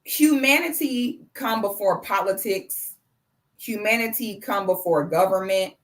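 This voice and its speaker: A woman in her thirties with a mid-range, unhurried voice hosts a casual live stream. Effusive and chatty, she reads out viewers' messages and thanks them by name.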